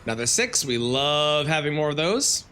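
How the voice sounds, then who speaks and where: Man, game streamer, casual live commentary, bright voice, slightly high pitch, faint background hiss. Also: normal speed. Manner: animated, jumps to yelps and exclamations at enemies.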